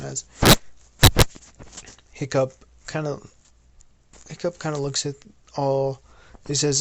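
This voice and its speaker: Young man, storyteller, improvised fan story, rambling, restarts, slow, gravelly. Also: mid-range voice, little pitch movement.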